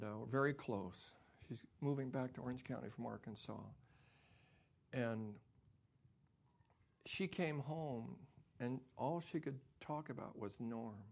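An older man preaching a sermon as pastor, dropping to soft near-whispers and then building to loud, emphatic preaching. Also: mid-range voice, vocal fry.

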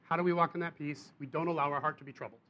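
A young adult man, preaching a sermon and telling a personal story with animated bursts of emphasis. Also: a little high, very fast, dull audio.

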